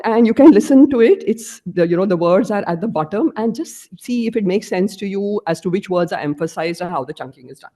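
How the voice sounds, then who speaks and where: A woman's voice: mid-range voice, dark tone. A woman lecturer giving an academic presentation, explaining her slides step by step.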